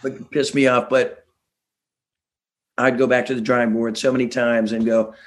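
A middle-aged man, a band singer and songwriter, telling rambling, animated stories with self-deprecating jokes in a casual interview. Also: medium pitch, moderate pace.

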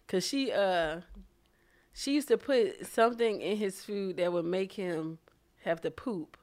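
A woman's voice: mid-range voice, unhurried, a little mellow. A woman co-hosting a casual chat, blunt and profane, who laughs often. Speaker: podcast co-host.

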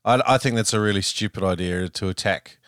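A man's voice: lowish voice, brisk, fairly bright tone, smooth, no echo, clean studio sound. A man hosting a podcast interview, talking in a loose, earnest, conversational way. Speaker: podcast host. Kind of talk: casual interview chat.

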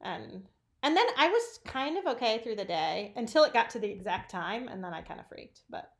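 A woman's voice: fairly high pitch, normal speed. A middle-aged woman hosting a candid conversation about grief, frank and wry as she tells stories. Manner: frank, wry, animated storytelling. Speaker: podcast host.

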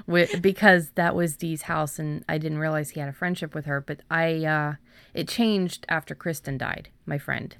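A woman, an author, reading her own story aloud in a measured way and then chatting about it with hesitant fillers. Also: low-pitched, no room sound. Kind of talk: storybook narration, then casual chat.

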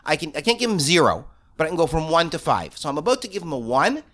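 A man guest on a podcast, talking loudly and quickly and acting out the people in his stories. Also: fairly high pitch, big pitch swings. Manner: loud, fast, acts out voices in his stories. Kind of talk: animated storytelling.

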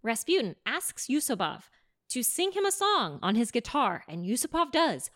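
Animated woman telling a story. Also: on the high side. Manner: animated, laughing, acting out characters in quick asides. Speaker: podcast co-host telling a history story. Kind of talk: casual storytelling chat.

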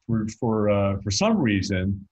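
A man's voice: lowish voice, sing-song, a little slow, darkish tone, poor audio. A middle-aged man from North Carolina, a guest in an interview, telling stories in a rambling, joking way with frequent restarts. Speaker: guest musician and author. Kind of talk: casual interview storytelling.

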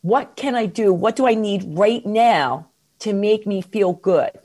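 Expressive woman giving wellness advice. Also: mid-range voice. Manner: expressive, animated, slows down for emphasis. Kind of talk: conversational interview advice.

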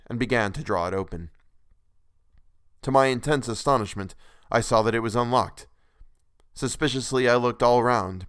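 A man's voice: on the low side, fairly bright tone, clean tone, no echo. A man narrating a classic novel in the first person with earnest, dramatic delivery, recorded on a close microphone.

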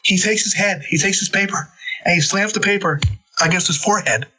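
A man casually telling wrestling-road stories, animated and cursing, acting out the quotes. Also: sits high, brisk, breathy edge, rough recording. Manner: animated, swearing, acts out quotes. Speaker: podcast guest, former wrestler. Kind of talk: casual storytelling.

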